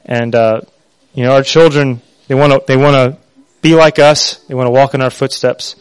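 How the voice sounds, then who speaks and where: A man preaching a sermon in an earnest, halting way, with many pauses and fillers. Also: mid-range voice, steady tone, smooth, no echo, low-quality recording.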